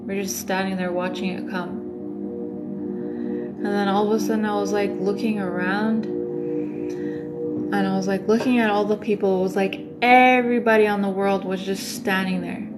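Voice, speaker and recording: A woman's voice: mid-range voice, steady tone, moderate pace, long pauses, over loud music. A woman tarot reader on a livestream, telling a dream in a rambling way with many fillers.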